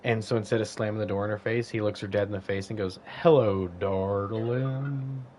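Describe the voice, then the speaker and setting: Brief: man, lowish voice, profane rambling storyteller, faint hiss behind. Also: level tone, very fast, a little mellow. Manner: rambling, profane, loses his thread. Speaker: podcast co-host. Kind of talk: casual storytelling.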